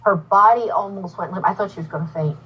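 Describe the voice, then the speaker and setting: Husky woman telling a spooky story. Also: mid-range voice, fast, recorded from a distance, highs cut off. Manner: animated storyteller, acts out dialogue. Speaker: podcast guest, psychic medium. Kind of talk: casual storytelling interview.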